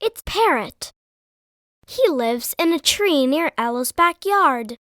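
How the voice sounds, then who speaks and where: A woman reading activity answers for children, slow and careful. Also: sits high, animated, a bit bright, no room sound, studio quality. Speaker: lesson co-presenter answering activities.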